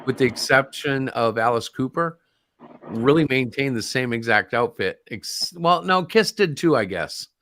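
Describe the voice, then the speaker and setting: A man's voice: mid-range voice, expressive, moderate pace, fairly bright tone, slight background noise. A man hosting a casual group livestream chat over a video call, joking and rambling, laughing often. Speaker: host.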